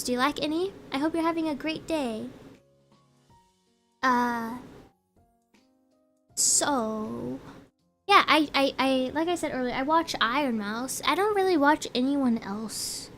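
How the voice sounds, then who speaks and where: A young woman chats casually with her viewers in a high, bright-sounding voice, giggling and teasing herself. She talks slowly and restarts her sentences often. Faint music plays behind her. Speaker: streamer. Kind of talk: casual Q&A chat.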